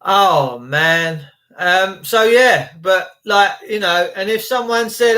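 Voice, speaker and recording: Rambling man with a high voice. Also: slow, sharp tone. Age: 50s. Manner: rambling, preachy, indignant. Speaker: vlogger on a livestream. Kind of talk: casual ranting monologue.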